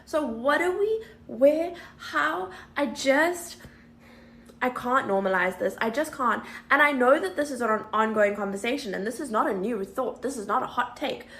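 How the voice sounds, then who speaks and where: A woman's voice: a little high, moderate pace, fairly bright tone. A woman doing a social media rant in an exasperated, joking way. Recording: echoey room.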